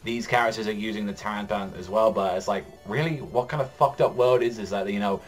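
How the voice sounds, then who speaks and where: A man's voice: lowish voice, a little fast, faint music behind. A young man giving a casual recap of a manga chapter, rambling, filling his talk with "like" and frequent swearing. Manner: rambling, heavy use of "like", swears often. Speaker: anime and manga reaction vlogger.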